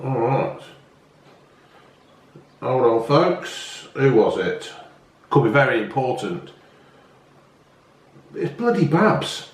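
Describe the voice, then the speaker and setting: A man's voice: medium pitch, very animated, takes it slowly, long pauses. A man, chatting casually to viewers and swearing freely as he makes food at home. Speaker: vlog host. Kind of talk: casual cooking vlog chat. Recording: echoey room.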